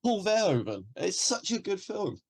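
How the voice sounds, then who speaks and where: A man co-hosting a casual podcast. His pitch is lively and bouncy, and he laughs freely. His sentences often trail off into a quiet mumble. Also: normal speed, slightly rough. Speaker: podcast co-host. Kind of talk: casual chat.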